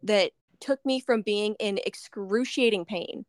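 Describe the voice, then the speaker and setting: A woman's voice: mid-range voice, a little slow, dry recording, studio quality. A woman hosting a podcast interview, chatty and emotional, laughing often as she shares her story. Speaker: podcast host. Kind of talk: casual interview chat.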